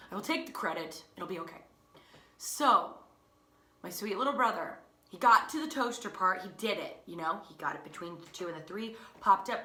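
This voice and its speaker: A young woman teacher tells a story in an animated, chatty way and pokes fun at herself. Her voice is bright and forward. The room around her sounds echoey. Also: medium pitch. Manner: animated, chatty, self-mocking. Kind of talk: casual storytelling.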